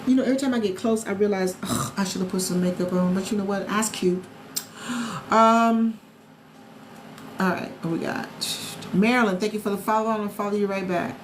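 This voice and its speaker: On a casual social live stream, a woman recruits travel agents with an upbeat sales pitch, greeting followers by name and repeating her key points. Her medium-pitched voice moves fairly quickly with fairly even intonation, against a noisy background, roomy echo, and faint ambience.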